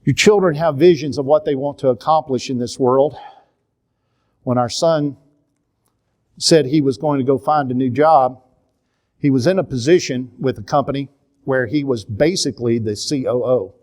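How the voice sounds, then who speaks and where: A man's voice: medium pitch, normal speed, darkish tone. A man in his sixties with a Southern drawl, teaching a church seminar through earnest, confessional personal stories. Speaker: minister and counselor teaching a seminar.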